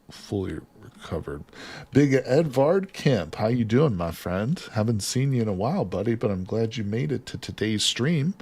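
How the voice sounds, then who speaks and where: A male game streamer with a somewhat low voice. He chats casually with his viewers, reads their comments aloud, and keeps breaking into laughter at his own jokes. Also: a little mellow. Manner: jokey, laughs often, reads chat aloud. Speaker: livestreamer. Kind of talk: casual livestream chat while gaming.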